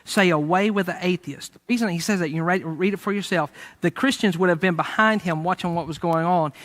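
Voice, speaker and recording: Male preacher, high-pitched, casual storyteller giving a sermon. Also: fast talker. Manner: lively storytelling, conversational, with fillers. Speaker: pastor.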